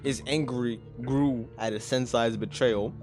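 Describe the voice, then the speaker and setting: A man with an average-pitched voice reads a fan story aloud in a casual way. He keeps stopping for profane, incredulous asides, laughing as he goes. Faint music plays under his voice. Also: fairly even intonation, unhurried. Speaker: story reader and commentator.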